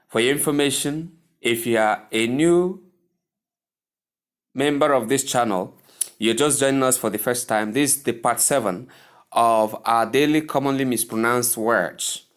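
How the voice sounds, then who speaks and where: Slow Nigerian man teaching pronunciation. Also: mid-range voice. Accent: Nigerian English. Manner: slow, deliberate, repeats each word several times. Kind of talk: slow instructional lesson.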